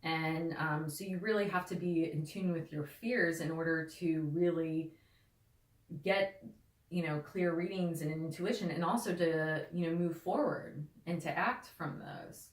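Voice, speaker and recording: Low-voiced lady guest, rambling casual chat, lots of likes and you knows, echoey room. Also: unhurried. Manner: rambling, heavy with "like" and "you know". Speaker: guest, holistic healer. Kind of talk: casual conversational interview talk.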